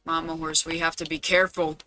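A man streaming a game live, talking casually to his chat, fretting aloud and now and then bursting into loud dramatic cries. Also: a little high, level tone, fairly quick, faint music behind.

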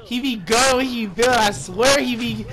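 A young man joking, swearing and yelling as he comments on a game with friends over a headset. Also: very high voice, moderate pace. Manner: excitable, joking, swears, yells when excited. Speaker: gamer streaming with friends. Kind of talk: casual gameplay commentary. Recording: noisy game chat audio.

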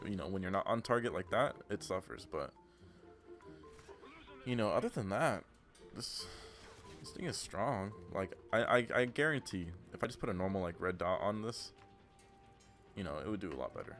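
A man's voice: sits low, animated, moderate pace, pauses often, a bit bright, soft background music. A young man giving profane, ranting gameplay commentary as a gaming channel host. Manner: profane, ranting, trash-talking.

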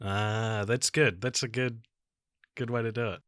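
A man's voice: mid-range voice, fairly even intonation, unhurried, a bit bright, clear, resonant tone, no room sound. A man from New Zealand co-hosting a podcast, chatting casually with dry, teasing jokes. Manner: joking, rambling, dry teasing. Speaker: podcast co-host.

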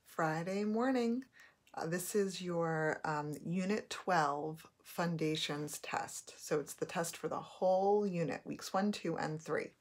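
Lady teacher reading out a spelling test real slow, lowish voice, says every word twice. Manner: slow, deliberate dictation with repeated words. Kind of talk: recorded classroom dictation test.

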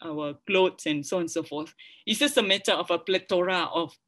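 Malaysian woman lecturer, halting, checking in. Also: lowish voice, a bit bright. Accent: Malaysian English. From Sarawak, Malaysia. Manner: frequent restarts and tag questions to the audience. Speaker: academic lecturer. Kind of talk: public lecture with slides.

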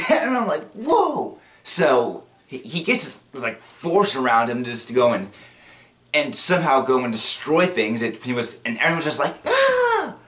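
A man's voice: medium pitch, expressive, moderate pace, fairly bright tone. A man casually recapping a cartoon episode, rambling and repetitive with many restarts, bursting into acted quotes. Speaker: video commentator.

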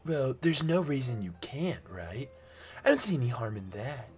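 An easygoing schoolboy hero, read by a man from a visual novel. His plain, casual voice carries a teasing tone and moves lively through its pitch. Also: moderate pace, soft background music, lightly acted. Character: male high school student, easygoing. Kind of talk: reading visual novel lines aloud.

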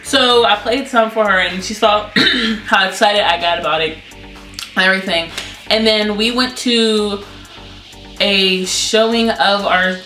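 Bright chatty teen girl, echoey room. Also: medium pitch. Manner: chatty, quick to jump in. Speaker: co-host of a vlog channel. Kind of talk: casual chat. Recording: roomy echo, faint background music.

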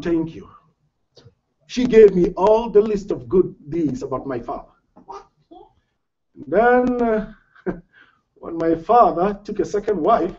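Imam, male, high voice, chatty storytelling lecture, dull lo-fi class recording. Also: a little mellow. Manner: storytelling, jokes with the audience. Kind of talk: informal lecture to a congregation.

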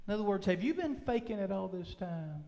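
A male pastor preaching a sermon, with emphatic drawn-out phrases that swing between loud and soft. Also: high-pitched, lively intonation, creaky. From United States. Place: church sanctuary. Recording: long reverb of a church sanctuary.

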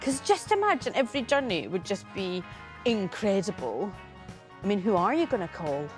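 A woman's voice: medium pitch, sing-song, moderate pace, music in the background. A woman with a Glaswegian accent presenting on location in a car museum, chatty and jokey.

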